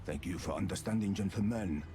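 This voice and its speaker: A man's voice: deep voice, a little fast, noisy background, close to an everyday voice. A man voicing a polite bull bouncer. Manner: formal, courteous, calls everyone gentlemen or sir. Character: towering polite bull bouncer at a club door. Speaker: game character.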